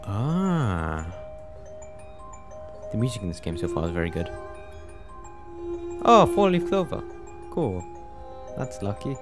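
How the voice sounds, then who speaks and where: A man's voice: deep voice, big pitch swings, a little slow, pauses often. A young man giving casual let's play commentary, muttering wry reactions to a game. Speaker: gameplay commentator. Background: game music.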